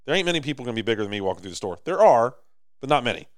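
Man, American accent, podcast co-host, animated, smooth voice, dry sound. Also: medium pitch, racing, dry recording. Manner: animated, rambling, swings loud and soft. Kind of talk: casual chat.

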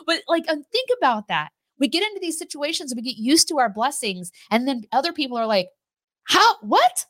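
Woman, faith podcast co-host, animated, laughs often, fairly high voice, lively swings in pitch. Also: a little fast, dry recording. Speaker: co-host of a faith teaching show. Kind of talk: casual faith talk with her husband.

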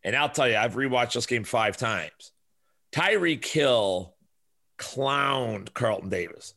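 Male podcast host in his forties. Gravelly and tense in tone. Profane, rambling storyteller. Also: medium pitch, expressive, slow pace, sharp tone. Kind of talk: casual podcast chat.

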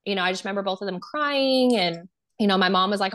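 A woman's voice: medium pitch, fast talker, fairly bright tone. A young adult woman speaking as a guest, telling a personal story casually, with lots of fillers and acted-out dialogue. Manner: casual, filler-heavy, acts out quoted dialogue. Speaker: guest sharing her story.

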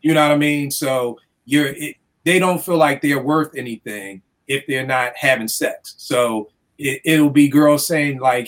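Unhurried and medium-pitched, a man from the DC area who works as a youth counselor and music producer chats casually on a podcast. He's an animated storyteller who voices other people's quotes and swears freely.

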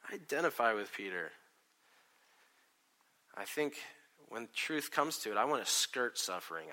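A man delivers a sermon with a bright, forceful voice. He swings from loud, pressing declarations down to hushed asides. He slips into short acted-out quotes along the way. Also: medium pitch. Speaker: pastor. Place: church hall with congregation.

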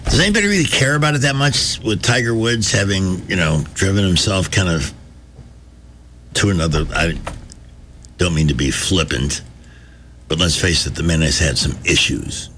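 A man's voice: low-pitched, normal speed, pauses often, fairly bright tone, a little hiss or hum. A man hosting a radio talk show in a wry, joking, conversational way. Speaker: fill-in radio talk host.

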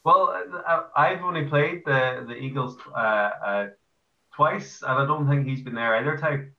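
A man's voice: mid-range voice, a little slow, vocal fry, highs cut off. Irish man on a distant echoey call. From Ireland. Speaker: guest, amateur footy ruckman. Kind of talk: casual podcast interview.

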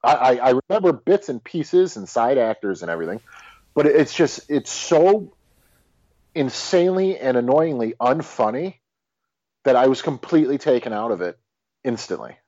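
A man's voice: normal speed, dry recording. A man co-hosting a casual movie review podcast, blunt and exasperated, cursing freely. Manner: blunt, animated, swearing exasperation. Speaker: podcast co-host. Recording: dull dry low-fi mic.

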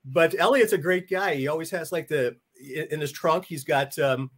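A man's voice: fairly high pitch, moderate pace, a bit bright. A man who is a guest on a casual chat show, joking and self-deprecating.

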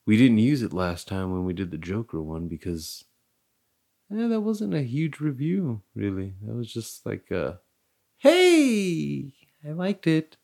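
A man's voice: fairly low pitch, sing-song, moderate pace, creaky, dark tone. A young man hosting a casual podcast chat, rambling, laughing often and swearing freely. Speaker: podcast host.

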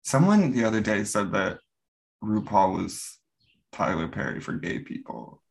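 A man in a casual podcast chat, laid-back and quick to laugh. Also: lowish voice, very animated, vocal fry.

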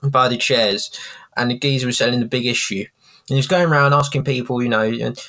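A man's voice: medium pitch, fairly quick, sharp tone. A young man in casual chat as a podcast co-host, retelling scenes and quoting the lines.

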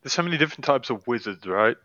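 A man's voice: medium pitch, lively intonation, quick pace, pushed and bright, dry recording. A man co-hosting a casual podcast, wry and full of offbeat questions. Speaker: podcast co-host. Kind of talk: casual chat. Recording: dull dry mic.

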